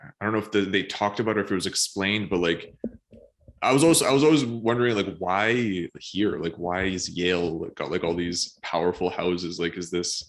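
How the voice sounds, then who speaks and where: A man co-hosting a podcast, musing about a book in a hesitant, casual way with many pauses and fillers. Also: low-pitched. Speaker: podcast co-host.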